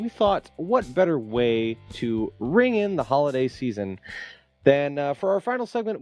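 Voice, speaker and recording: A man's voice: on the high side, a little mellow. A man in his thirties hosting a podcast, with playful, emcee-like announcing. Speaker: podcast host.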